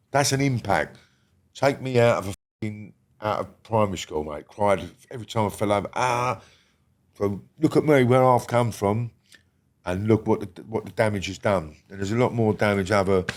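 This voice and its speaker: A middle-aged man appears as a guest on a casual podcast interview, speaking bluntly and swearing heavily. He often sinks into a low, quiet murmur.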